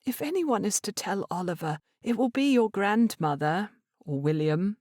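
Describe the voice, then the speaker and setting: Woman doing stubborn regency mum, brisk and clipped, dry close sound. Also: medium pitch, animated, darkish tone, no room sound, voice pushed up, close to an everyday voice. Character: proud, stubborn middle-aged Regency mother. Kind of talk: audiobook character reading.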